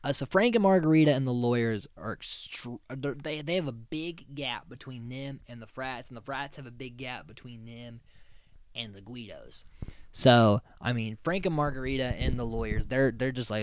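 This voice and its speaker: A man's voice: medium pitch, normal speed, clear, resonant tone, no room sound. A man hosting a podcast, recapping a reality show in a loose, rambling way with plenty of swearing. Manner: rambling, profane, loose storytelling. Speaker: podcast host.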